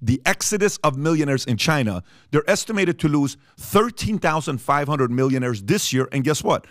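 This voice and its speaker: A man's voice: fairly high pitch, lively intonation, normal speed, dry recording. A man hosting a studio talk show, speaking casually and animatedly, repeating himself for emphasis with many fillers. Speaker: podcast host.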